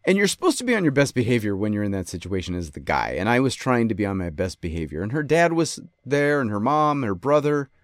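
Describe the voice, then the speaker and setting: A man from western New York telling a story in a casual monologue, animated and ranting, often cutting himself off mid-sentence. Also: mid-range voice, fast, hardly any pauses, no echo, clean studio sound. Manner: animated, ranting, self-interrupting. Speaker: podcast host.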